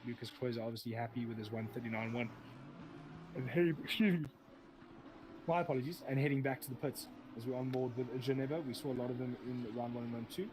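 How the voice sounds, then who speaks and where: A man calling a sim race live, chatty and self-correcting, with a mid-range voice. Racing car engine noise runs clearly underneath him the whole time. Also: mid-range voice, little pitch movement, quick pace. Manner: rambling, self-correcting, joking.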